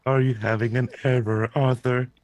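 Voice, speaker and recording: A man voicing an earnest android crewman in a tabletop role-play, measured, soft-spoken and literal. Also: mid-range voice, little pitch movement, no room sound, natural voice. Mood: calm.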